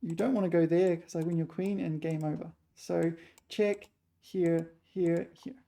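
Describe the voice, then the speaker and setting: A woman chess player thinking aloud while solving puzzles, muttering her move calculations in short fragments, a little hoarse. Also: lowish voice, steady tone, a little slow, warm tone.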